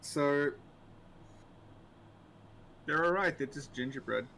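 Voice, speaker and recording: A man's voice: on the high side, slow, vocal fry, pushed and bright, a little hiss or hum. A man co-hosting a casual live-stream Q&A, rambling and hesitant with dry humor, greeting viewers as he goes. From Australia.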